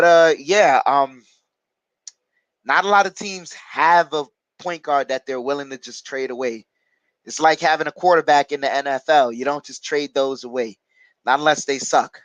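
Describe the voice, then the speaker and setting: A man's voice: mid-range voice, fairly bright tone, no room sound, lo-fi sound. A man hosting a live basketball watch-along, casually reading out viewer comments and answering them with plenty of fillers. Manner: casual, reads out viewer chat comments and replies; chatty, hesitant with frequent fillers. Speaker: watch-along stream host.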